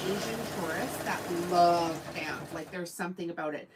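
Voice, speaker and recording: A woman's voice: lowish voice, normal speed, very noisy. A woman from Canada, hosting a casual sewing livestream, chatting in a rambling way and answering viewers' comments. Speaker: sewing channel host.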